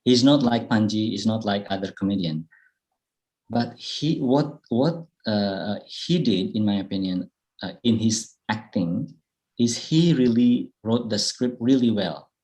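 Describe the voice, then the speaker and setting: A man from Bali with an Indonesian accent, answering audience questions in a relaxed, modest way during an online talk. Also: on the low side, unhurried. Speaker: guest speaker. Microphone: video call.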